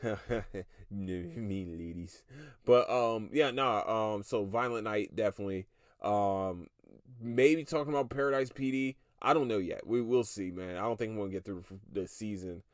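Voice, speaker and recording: A man's voice: on the low side, normal speed, dry recording, studio quality. A man in his thirties hosting a solo podcast, ranting with heavy profanity and breaking into laughter. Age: 30s. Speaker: podcast host.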